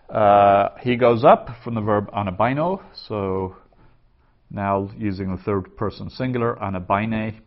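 A man's voice: low-pitched, creaky, lo-fi sound. A man teaching ancient Greek verb forms in a patient, methodical way, repeating each form aloud. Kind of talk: slow spoken grammar lesson.

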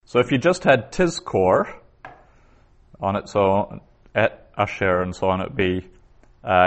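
A man teaching a recorded Biblical Hebrew grammar lesson, explaining patiently and reading phrases aloud slowly. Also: fairly low pitch, expressive.

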